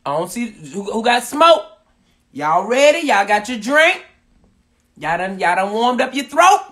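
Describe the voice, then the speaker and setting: A man hosting a livestream, loud and hyped, swearing and shouting to his viewers. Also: sits high, big pitch swings, measured pace. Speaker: livestream host.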